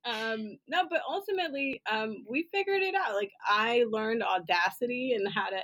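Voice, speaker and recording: Laughing, loud-talking woman podcast co-host. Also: fairly high pitch, normal speed. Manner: laughs often, animated and loud. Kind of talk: casual chat.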